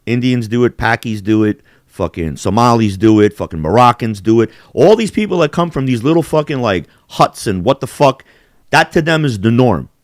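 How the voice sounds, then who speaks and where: A man's voice: medium pitch, lively intonation, moderate pace, dry recording, clean studio sound. A man hosting a podcast, talking in heated, profanity-laden rants with big swings in emphasis. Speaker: podcast host. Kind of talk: casual heated chat.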